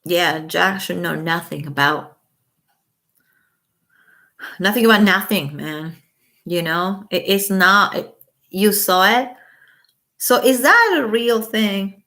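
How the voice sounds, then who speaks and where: A woman's voice: mid-range voice, lively intonation, slow pace, long pauses, sharp tone. A woman with children chatting casually on a livestream, giving blunt opinions and swearing freely. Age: adult with children. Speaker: livestream host.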